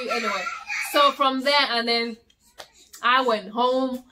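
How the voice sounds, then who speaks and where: Young woman with a bright, slightly high voice, telling an animated personal story in a casual vlog. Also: a little slow, slight background noise. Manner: animated storytelling, acting out quoted dialogue; frequent fillers and restarts, swinging from loud to hushed. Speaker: vlogger.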